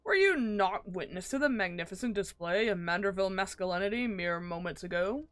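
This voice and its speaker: A woman voicing a pompous, theatrical gentleman inspector who makes grandiose proclamations while reading game dialogue aloud. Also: medium pitch, expressive, brisk, no room sound, faint music behind, natural voice. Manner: grandiloquent, old-fashioned proclamations.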